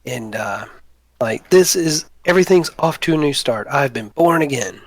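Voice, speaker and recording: A man's voice: mid-range voice, expressive, moderate pace, dry recording, lightly acted. A man voicing a swaggering young male fighter who has just reformed, in a tabletop game, speaking earnestly.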